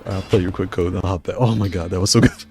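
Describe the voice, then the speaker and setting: A man giving excited live commentary on a fighting game he is playing, taunting his opponent and laughing. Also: deep voice, fast. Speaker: gaming streamer. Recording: music playing behind.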